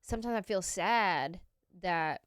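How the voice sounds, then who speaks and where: Podcast host, woman, smooth clear voice, dry studio, eager reactions. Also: lowish voice, dry recording. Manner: warm encouraging listener, quick reactions. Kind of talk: casual podcast chat.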